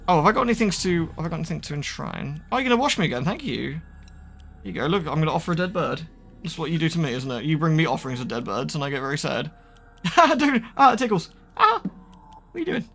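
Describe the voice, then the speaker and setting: A man with a slightly raised voice rambles through relaxed game commentary. He keeps switching to affectionate baby-talk for his cat. Quiet game music plays underneath. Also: fairly high pitch, very fast, creaky. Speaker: gaming streamer. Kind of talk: casual let's-play commentary.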